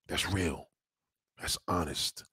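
Husky-voiced man talking on a livestream. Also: deep voice, slow pace, dry recording, studio quality. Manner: rambling, emphatic and profane, swings between loud and quiet. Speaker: livestreamer taking donations. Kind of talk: casual livestream talk.

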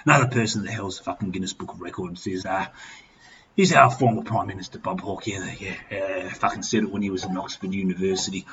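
Brief: Australian man, 50s, a bit drunk, crude rambling host, low-set voice, slightly muffled recording with faint hiss. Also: steady tone, fast talker, a bit bright. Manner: crude, rambling, heavy swearing. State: tipsy. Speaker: podcast host. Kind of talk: boozy comic rant. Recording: slightly dull with faint noise.

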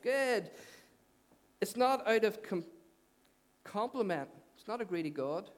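In a church hall with long reverb, a man with a high voice and lively intonation gives a sermon at an unhurried pace. He's conversational, repeats phrases, and asks the congregation questions.

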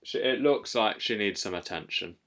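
Hesitant deadpan comic male host. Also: lowish voice, normal speed. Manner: hesitant, full of ums, mock-earnest. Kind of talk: deadpan comic improv chat.

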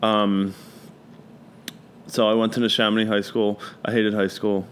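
A man from the Philadelphia area with a Philadelphia accent, a DJ being interviewed, talking in a flat deadpan way. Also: unhurried, a little hiss or hum. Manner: deadpan, low-key delivery. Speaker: guest, DJ. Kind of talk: casual conversational interview.

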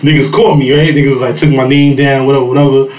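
A man's voice: mid-range voice, little pitch movement, fast, darkish tone, roomy sound, poor audio. A man telling a long childhood story in casual podcast chat, rambling with lots of fillers and laughing as he goes. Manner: laughs through his story. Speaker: podcast panelist, father.

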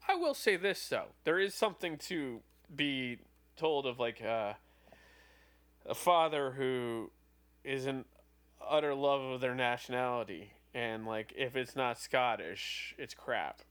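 A man's voice: medium pitch, expressive, unhurried, a bit bright. A man from Wales co-hosting a casual podcast chat in an easygoing way. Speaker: podcast co-host.

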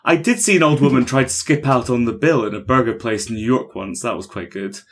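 A man's voice: medium pitch, fairly quick. A man in easygoing podcast chat about films, with an ordinary mid-range voice. He tells his stories in a laid-back way and swears casually. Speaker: podcast co-host.

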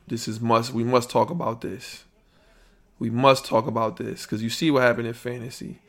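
A man's voice: mid-range voice, creaky, fairly bright tone. A man hosting a podcast, giving a casual sports recap with blunt, slangy trash talk, reacting to a live chat. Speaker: podcast host.

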